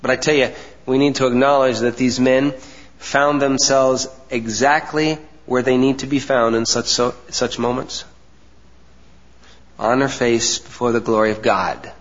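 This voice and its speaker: A man preaching a sermon, with earnest emphasis, deliberate pauses and soft asides. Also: mid-range voice, fairly even intonation. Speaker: pastor. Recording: dull sound with long hall reverb.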